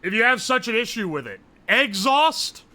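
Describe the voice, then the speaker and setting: A young man, chatting casually on a live stream, loud and joking, swearing often and laughing a lot. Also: very high-pitched, very animated, normal speed. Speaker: livestreamer.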